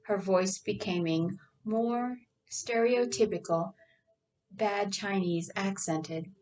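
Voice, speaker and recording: A woman author reading her own novel aloud in a plain, unhurried way with small slips. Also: medium pitch, a little mellow, recorded from a distance, low-quality recording.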